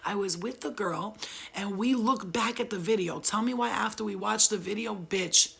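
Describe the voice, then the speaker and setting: Young woman, gravelly voice, profane slangy storyteller, rambling, laughs a lot. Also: mid-range voice, normal speed, fairly bright tone. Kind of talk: casual storytelling to viewers.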